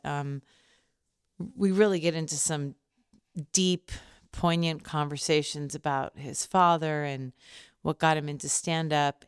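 A woman's voice: deep voice, smooth, no room sound, clean studio sound. A woman hosting a podcast in casual chat, chatty and self-deprecating, with loose filler words and swearing. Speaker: podcast host.

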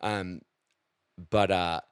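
A man, a stand-up comedian, telling stories in casual podcast chat, with a slight gravel from a cold and a profane, animated manner. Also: deep voice, very slow, dry recording, studio quality.

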